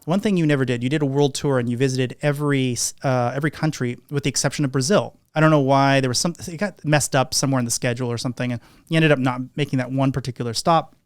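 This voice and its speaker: A man's voice: medium pitch, fast, hardly any pauses, clean tone, dry recording, studio quality. A man hosting a podcast, telling a casual anecdote and acting out the quotes. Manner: animated anecdote with acted-out quotes. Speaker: podcast host. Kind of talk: casual storytelling.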